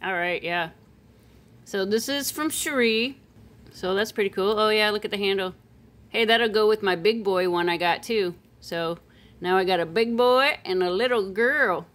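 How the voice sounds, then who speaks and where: A woman casually chatting as she unboxes silver pieces, playful and chatty, breaking into excited squeals and sing-song calls. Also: medium pitch, moderate pace. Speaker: silver coin collector vlogger.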